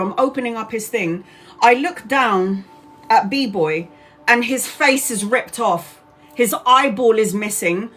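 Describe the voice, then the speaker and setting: A woman tells a story to her livestream audience in a casual, animated way. She swears freely and often says the same thing twice. Faint music plays under her voice. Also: on the high side. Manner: animated, swears freely, repeats herself, quick and expressive. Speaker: tarot reader and live streamer.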